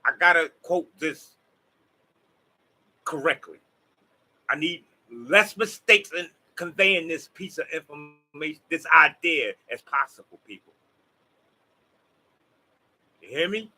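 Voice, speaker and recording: A man's voice: fairly high pitch, expressive, measured pace, sharp tone, low-quality recording. A man with a Southern US accent giving a rambling, preachy motivational monologue straight to his viewers. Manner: preachy, emphatic, talks straight to the audience. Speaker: vlogger.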